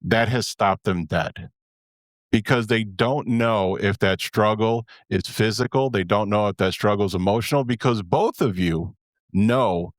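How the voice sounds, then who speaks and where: A man's voice: fairly low pitch, unhurried, dry recording, studio quality. Candid, rambling man in his fifties. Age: 50s. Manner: candid, rambling, self-interrupting. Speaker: podcast host. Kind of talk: casual podcast chat.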